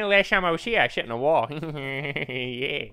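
A young man doing an impression of a loud, crude middle-aged cartoon dad, chuckling and boisterous. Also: a little high, slow, clean tone, exaggerated voice. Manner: boisterous, chuckling, repeats "how you doing".

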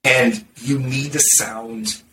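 A man talking about marketing in a casual podcast conversation, blunt and sarcastic, with quick restarts and repeated words. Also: medium pitch, steady tone, sharp tone. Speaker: marketer discussing content strategy. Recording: roomy, distant mic with faint background noise.

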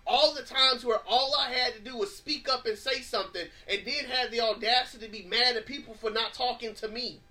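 A man's voice: extremely high pitch, pushed and bright. A married man, the show's host, giving a fervent, preacherly testimony with rising and falling emphasis. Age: adult, married. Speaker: podcast host.

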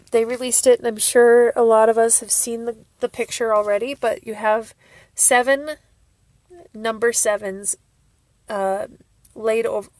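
A woman's voice: mid-range voice, a little mellow, no room sound. A woman hosting a casual solo podcast, emotional, laughing and crying as she gushes. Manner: emotional, laughing and tearful, gushing. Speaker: podcast host.

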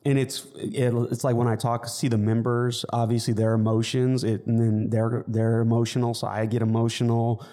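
A man's voice: medium pitch, little pitch movement, moderate pace, few pauses, dark tone. A man co-hosting a fitness podcast, talking earnestly in a casual, rambling way with many restarts. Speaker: fitness coach, podcast co-host.

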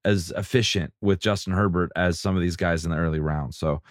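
A man's voice: sits low, fairly even intonation, a little fast, no room sound, studio quality. A man co-hosting a sports podcast in frank, casual chat, swearing freely. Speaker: podcast co-host.

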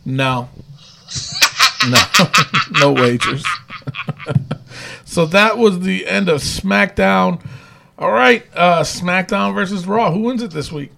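Man, New York accent, bright, fairly high, emphatic, laughs often. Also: animated, slow pace, creaky, long pauses, a little hiss or hum. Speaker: podcast co-host. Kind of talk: casual chat.

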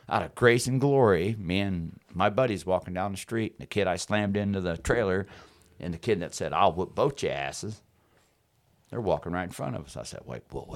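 A man telling rowdy fight stories in casual podcast chat, swearing freely and laughing as he talks. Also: low-pitched. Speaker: podcast host.

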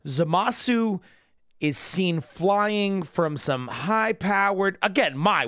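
A man's voice: high voice, animated, takes it slowly, fairly bright tone, no echo, studio quality. Drunk man ranting, swearing. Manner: angry, profane ranting. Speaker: anime reviewer. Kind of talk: solo episode review rant.

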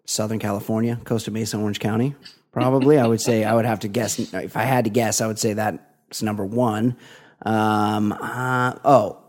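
A man co-hosting a podcast, musing aloud in casual chat with many hesitations. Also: on the low side. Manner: rambling, hesitant, drawn-out musing. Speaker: podcast co-host.

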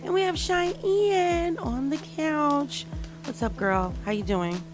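A relaxed woman co-hosting a talk show, chatty and teasing. Music plays behind her. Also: high-pitched, takes it slowly. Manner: laid-back, chatty, teasing. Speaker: co-host. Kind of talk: casual radio show chat.

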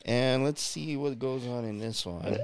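A man's voice: medium pitch, a little slow, vocal fry, a crowd in the background. A man hosting a podcast in casual chat, playful, laughing often and swearing casually. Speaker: podcast host.

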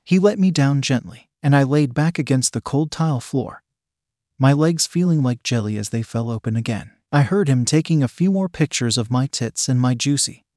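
A man's voice: mid-range voice, animated, moderate pace, darkish tone, no room sound, clean studio sound. Man reading an erotic story. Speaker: narrator.

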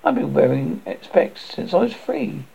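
A man doing a fretful plump schoolboy, raised and husky. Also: very animated, a little slow, dark tone, exaggerated voice. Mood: anxious. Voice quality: raised boyish pitch, plain working-class speech. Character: plump asthmatic schoolboy, anxious and eager to please. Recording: dull lo-fi recording.

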